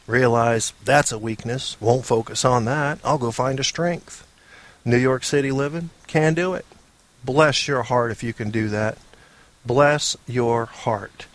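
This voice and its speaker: A man hosting an internet radio show alone, rambling in a casual monologue with dry, self-mocking humor and casual swearing. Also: medium pitch. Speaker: podcast host.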